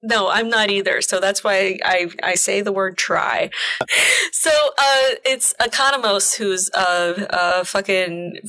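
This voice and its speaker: A woman's voice: mid-range voice, slow pace, bright, forceful tone. Chatty, laughing woman podcast host. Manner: laughs often, swears, chatty. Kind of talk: casual chat.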